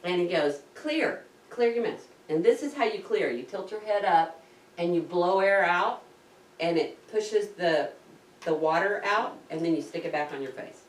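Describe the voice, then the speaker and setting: A low-voiced diving vlogger casually tells the camera about her scuba course, animatedly acting out her own gasps and panic. She talks at a moderate pace, set back from the mic in an echoey room.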